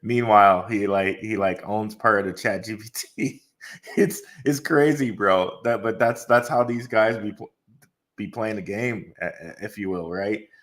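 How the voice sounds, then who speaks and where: A man co-hosting a casual livestream, talking hesitantly with many pauses and restarts. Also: on the low side, a bit bright. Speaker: co-host.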